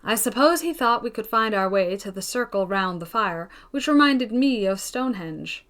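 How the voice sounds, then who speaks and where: A woman reading a classic novel aloud in an even, gentle storytelling manner. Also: mid-range voice, moderate pace. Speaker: narrator of an audiobook. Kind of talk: scripted audiobook narration.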